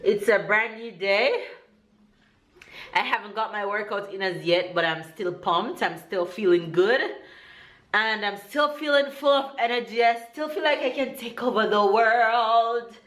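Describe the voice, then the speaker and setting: A Jamaican-accented woman talks to her viewers in a relaxed home vlog, upbeat and encouraging, with frequent laughs. She takes her time over her words. The room around her rings with a noticeable echo. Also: mid-range voice, a little slow. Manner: upbeat and motivating, laughs often. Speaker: vlogger and mother. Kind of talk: casual home vlog chat. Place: indoors at home. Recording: roomy echo.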